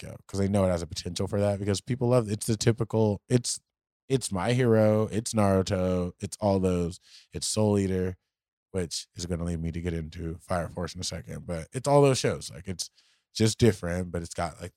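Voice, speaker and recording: A man co-hosting a casual anime podcast, talking loosely with slang and swearing, acting out quick quotes from the shows. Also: low-pitched, mellow, no room sound, studio quality. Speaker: podcast co-host.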